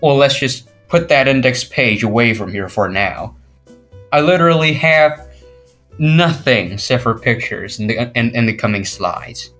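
A man's voice: medium pitch, measured pace, soft background music. Chatty teenage boy telling school stories. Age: teens. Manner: animated storytelling, mimics classmates. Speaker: podcast co-host. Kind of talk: casual chat.

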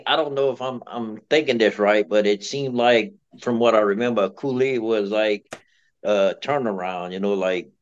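A man's voice: on the low side, smooth, highs cut off. A man with a Cajun accent, co-hosting a casual podcast, rambling and hedging in a good-humored way. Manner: rambling, hesitant, self-correcting, good-humored. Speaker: podcast co-host. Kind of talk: casual chat.

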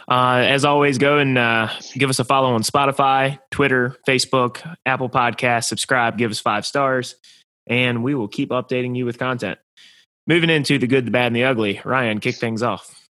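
A man hosts a podcast in a brisk, upbeat way. His tone is bright and forceful, and the sound is dry and close. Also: medium pitch, fairly even intonation, no echo. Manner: upbeat, brisk, plugs the show. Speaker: podcast host. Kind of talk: casual podcast hosting.

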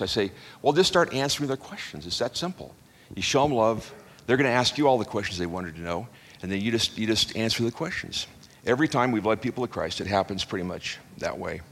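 A middle-aged pastor preaches in a church hall, the recording carrying long hall reverb. His voice is on the low side and a bit bright; he tells folksy stories, chuckling and restarting sentences, before leading the congregation in a closing prayer.

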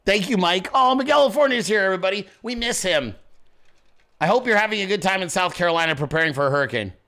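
A man's voice: high-pitched, lively intonation, quick pace, pushed and bright. A man hosting a political commentary show, blunt and crude, ranting at his audience in casual speech. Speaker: show host.

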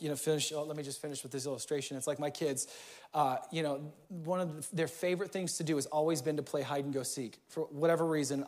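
A man in his thirties preaching a sermon in a church, casual and energetic, with slang. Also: a little high. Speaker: pastor.

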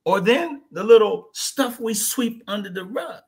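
Animated, bright-voiced storytelling man. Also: high voice, a little slow, husky. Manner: lively, folksy sayings, acts out little voices. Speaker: podcast guest.

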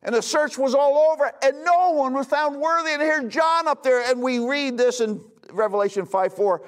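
High-voiced preaching man. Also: normal speed. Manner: emphatic, shifts between loud calls and low hushed lines. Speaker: pastor. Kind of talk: sermon.

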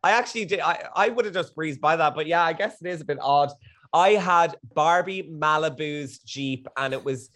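Young guy guest, slightly high voice, gushy excitable storytelling. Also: moderate pace. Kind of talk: casual chat.

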